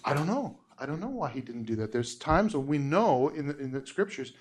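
A man with a fairly high voice teaches a casual Bible course. He tells the story in an animated way, acts out the quotes, and laughs often as he goes. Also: brisk, slight background noise.

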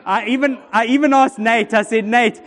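A man's voice: very high voice, fairly even intonation, brisk, fairly bright tone. A man preaching a sermon in a church, joking and bantering with the congregation. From South Africa. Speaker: pastor. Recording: long church reverb.

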